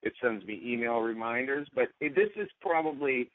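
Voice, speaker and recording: A man's voice: medium pitch, moderate pace. A man co-hosting a podcast, chatting casually and often breaking off mid-sentence. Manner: rambling, self-interrupting. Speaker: podcast co-host. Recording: tinny phone-like sound.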